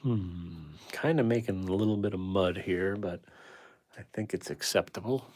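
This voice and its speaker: A man's voice: low-pitched, moderate pace, a little mellow. A man hosting a painting livestream, chatting casually with viewers and musing self-critically about his work.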